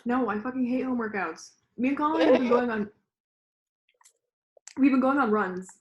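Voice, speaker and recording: A woman's voice: fairly high pitch, fast talker, echoey room, dull audio. A young woman in her twenties co-hosting a casual mukbang chat, swearing freely and filling her talk with "like". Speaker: mukbang co-host. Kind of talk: casual chat while eating.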